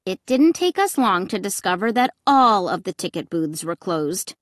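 A woman narrating an audiobook in the first person, with expressive, dramatic storytelling on a close mic. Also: mid-range voice, normal speed, dry recording.

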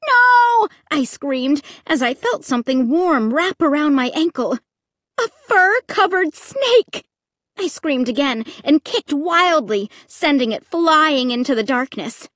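A woman reads a first-person audiobook with dramatic expression, her voice high and her pace unhurried. The recording is dry and close, with no room sound. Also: no room sound. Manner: dramatic, expressive reading with shrieks. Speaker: audiobook narrator.

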